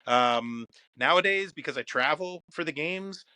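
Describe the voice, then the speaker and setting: A man's voice: a little high, expressive, a little slow, pushed and bright, clean tone, no echo. A man from Philadelphia, a guest on a podcast, talking earnestly and gratefully in a casual interview. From Philadelphia, United States. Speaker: league scheduling executive, guest.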